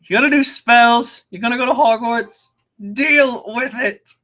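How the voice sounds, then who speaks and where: A man putting on a high, mocking voice for a blunt, bossy young boy wizard. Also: measured pace, bright, forceful tone, exaggerated voice.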